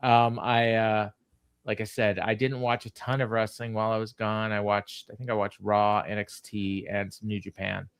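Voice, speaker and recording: A man's voice: lowish voice, flat delivery, moderate pace, smooth, dry recording. Rambling man telling stories. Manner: rambling storyteller, many ums and restarts. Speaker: co-host. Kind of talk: casual podcast chat.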